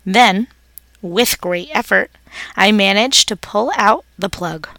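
A woman's voice: mid-range voice, slow, pushed and bright, no echo. A woman reading a children's story aloud, narrating expressively as a pet hamster.

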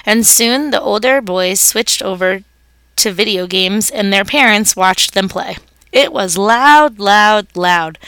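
A woman's voice: mid-range voice, pushed and bright, no room sound. A woman reading a children's story aloud, narrating expressively as a pet hamster.

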